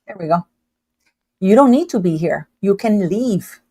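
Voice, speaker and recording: A woman hosting a livestream, chatting casually and emphatically, speaking loudly on purpose. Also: medium pitch, expressive, measured pace, husky, no room sound. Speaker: livestream host. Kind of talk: casual live chat commentary.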